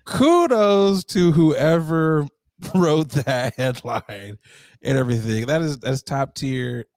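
A man's voice: a little high, slow pace, a little mellow, no room sound. A man co-hosting a casual podcast, reading out a story and chatting, often laughing through his words. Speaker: podcast co-host.

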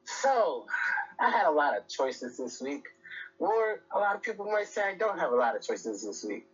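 A man's voice: on the high side, big pitch swings, normal speed, breathy edge, soft background music. A man co-hosting a wrestling podcast, delivering a playful, mock-dramatic taunting rant. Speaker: podcast co-host. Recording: dull lo-fi audio.

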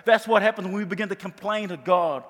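A man's voice: sits high, fast talker. A middle-aged man preaching a sermon, telling stories and stressing his points by repeating them. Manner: warm storytelling with emphatic repetition. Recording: long reverb of a large hall.

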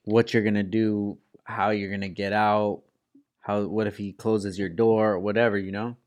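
A low-voiced slangy man chatting. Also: little pitch movement, normal speed. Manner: slangy, profane, tags lines with "bro" and "dog". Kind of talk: casual chat.

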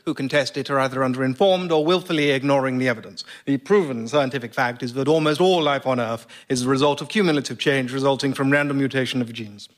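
An actor playing an earnest, self-assured elderly professor interviewed in a radio comedy sketch. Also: male voice, medium pitch, fast talker, few pauses, close to an everyday voice. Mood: matter-of-fact. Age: older. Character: elderly male atheist professor, smug.

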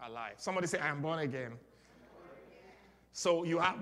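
A man with a Nigerian accent preaching a sermon, leading call-and-response and building to loud exclamations. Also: fairly high pitch, animated, brisk, pauses often. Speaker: pastor. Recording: long hall reverb.

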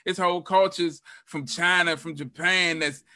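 Male podcast host, easygoing, high voice, bright tense tone, dry close sound. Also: steady tone, moderate pace, dry recording. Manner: easygoing, frequent "right, right" backchannels. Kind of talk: casual podcast interview.

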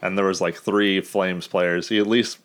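Man, very low voice, podcast co-host, casual chat, wry short remarks. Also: steady tone, moderate pace. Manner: laughs often, short wry interjections.

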